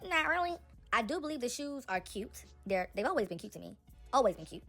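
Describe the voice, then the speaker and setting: A young woman giving casual, animated celebrity gossip commentary, talking straight to her viewers. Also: on the high side.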